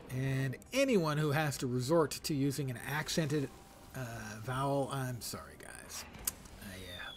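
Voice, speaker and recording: A man's voice: medium pitch, lively intonation, measured pace, background noise. Wry, chatty male game streamer. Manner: wry and chatty, mock-judging player names. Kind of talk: casual gameplay commentary.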